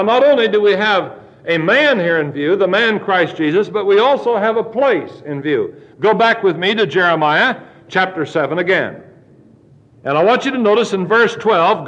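A man preaching a sermon, reading scripture aloud slowly and deliberately. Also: high-pitched, a bit bright. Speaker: pastor. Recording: dull lo-fi sermon recording.

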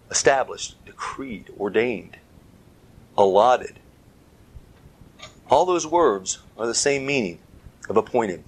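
A man's voice: medium pitch, slightly rough, low-quality recording. A man giving a Bible teaching talk as a preacher, earnest, speaking in short phrases and stressing key words.

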